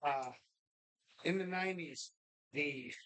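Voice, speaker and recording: A man co-hosting a live podcast from a bar, telling stories in a loose, profane, animated way. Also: on the high side, slow pace. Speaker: podcast co-host. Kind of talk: casual bar chat.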